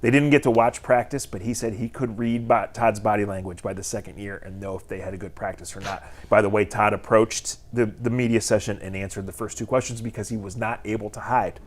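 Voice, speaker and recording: A man's voice: fairly low pitch, fairly even intonation, brisk, hardly any pauses. A man, a sports reporter, chatting on a sports talk show and laughing easily.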